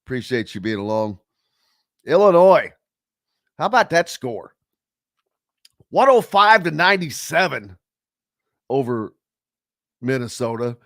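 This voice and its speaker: A man's voice: medium pitch, very animated, unhurried, long pauses, a bit bright, no echo, studio quality. A man hosting a casual sports talk radio show, rambling loosely with plenty of fillers and reading listener comments aloud.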